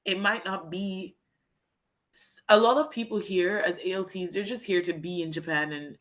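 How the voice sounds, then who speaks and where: Young woman, lower-pitched voice, earnest, heartfelt, winding storytelling, interview guest. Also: steady tone, moderate pace, fairly bright tone. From Jamaica. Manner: earnest and heartfelt, talks in long winding sentences. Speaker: guest, English teacher in Japan. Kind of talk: candid personal storytelling in a podcast interview.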